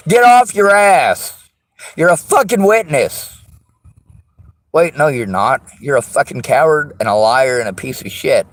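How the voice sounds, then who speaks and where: A man in an angry personal vlog rant. He talks in a bitter, accusing way, swears constantly and often shouts. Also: mid-range voice, lively intonation, moderate pace. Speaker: vlogger.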